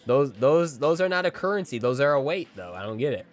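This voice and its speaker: A man livestreaming a video game, commenting casually and excitedly, joking and talking to his chat. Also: mid-range voice, fairly quick. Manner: excitable, jokey, talks to chat. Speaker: game streamer. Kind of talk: casual live gameplay commentary.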